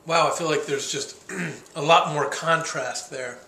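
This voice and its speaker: A man's voice: a little high, measured pace, pushed and bright, reverberant. A man tasting wine and describing it, thoughtful and hesitant, searching for words. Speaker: guest taster. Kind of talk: casual tasting chat. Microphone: handheld camcorder.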